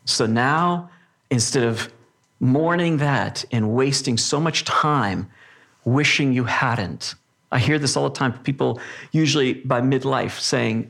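A man's voice: medium pitch, animated, measured pace, gravelly, fairly bright tone. A man preaching a sermon to a live audience, earnest and emphatic, often restarting his sentences. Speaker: pastor. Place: church or hall with a live audience.

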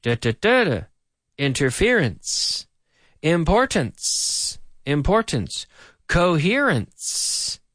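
A man's voice: medium pitch, no room sound, studio quality. A middle-aged man teaching an English lesson, playfully drilling words by repeating them with a rhythmic da-da-da. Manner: playful, animated delivery.

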